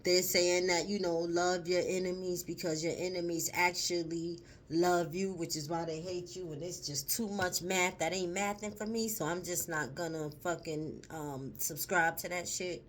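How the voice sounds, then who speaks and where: A woman vlogger with a lowish voice and fairly even intonation talks to her audience in casual chat, a slight hiss or hum underneath. Slow, emphatic, and profane, she dwells on words and chokes up emotionally while telling a story.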